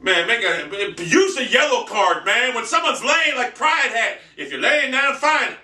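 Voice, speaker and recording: A man ranting brashly and profanely in a monologue vlog, boasting loudly. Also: extremely high pitch, animated, measured pace, far from the mic. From United States. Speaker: vlogger. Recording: echoey room, off-mic.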